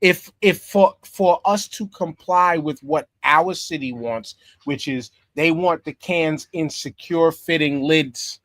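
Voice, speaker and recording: A man's voice: a little high, slow pace, few pauses, fairly bright tone, dry recording. A man co-hosting a podcast in casual chat, emphatic and cursing freely, who repeats his points. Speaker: podcast co-host.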